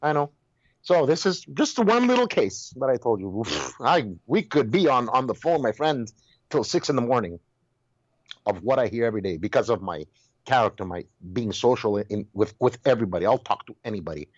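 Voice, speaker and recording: A man's voice: mid-range voice, a little fast, no echo, dull audio. A man talking as a guest in a heated casual conversation, telling stories emphatically and restarting his words often. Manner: animated storyteller, repeats and restarts words, exclaims.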